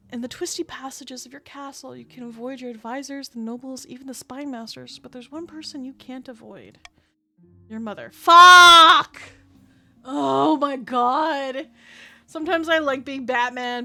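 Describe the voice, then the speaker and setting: Woman from Canada, casual stream chat, sharp bright tone, laughs a lot, swears. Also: sits high, normal speed. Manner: giggly, chatty, swears casually.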